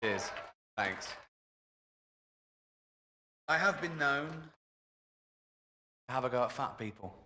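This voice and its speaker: Male stand-up comic, lively and chuckling, on stage. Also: medium pitch, slow pace, pauses often, a little hiss or hum. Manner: animated, chuckling storytelling. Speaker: stand-up comedian. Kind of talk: stand-up comedy routine. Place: stage, heard through an in-game radio.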